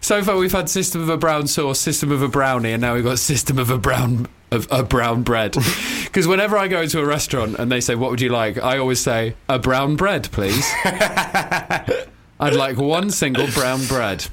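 A man's voice: mid-range voice, lively intonation, a little fast, few pauses, a bit bright. A male radio host with an ordinary mid-range voice. His humor is dry and teasing, and he breaks into laughter often as he chats on air. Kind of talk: comic radio chat.

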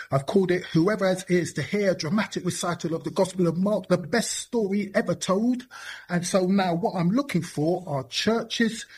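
A man with a husky, slightly high voice talks through his plans in a loose, rambling way. He leans on "you know" and restarts his sentences, chatting like a performer being interviewed on the radio. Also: darkish tone. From England. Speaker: poet and performer.

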